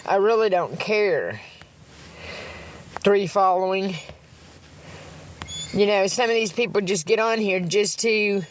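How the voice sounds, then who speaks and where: A woman's voice: mid-range voice, expressive, slow, pauses often, a little hiss or hum. A woman ranting angrily on a phone livestream, heated, profane and repetitive. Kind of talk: angry livestream rant.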